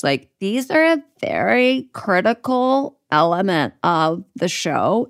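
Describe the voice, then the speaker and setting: A woman hosting a podcast in casual chat, playful and joking. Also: fairly low pitch. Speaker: podcast host.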